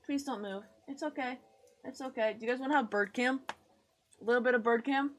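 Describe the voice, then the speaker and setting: With a brisk voice on the high side, a US woman streams herself drawing, chatting in a rambling, self-deprecating way. She mutters under her breath and greets viewers in chat warmly.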